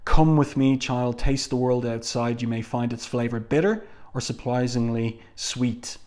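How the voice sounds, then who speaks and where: Professor X, a calm persuasive mentor, read by a man. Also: medium pitch, lightly acted. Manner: measured, formal. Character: bald older male mentor, calm and persuasive.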